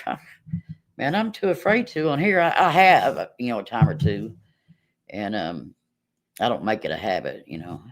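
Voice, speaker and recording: Woman, 50s, chatty livestream host; lively pitch, frequent laughter. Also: normal speed, long pauses. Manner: laughs often, chatty and rambling. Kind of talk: casual livestream chat.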